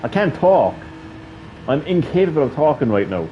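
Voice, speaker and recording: A man's voice: on the high side, sing-song, moderate pace, muffled recording, a little hiss or hum. A tired man with an Irish accent, hosting a gaming channel and rambling casually, swearing freely. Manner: rambling, swears freely, mocking quoted voices.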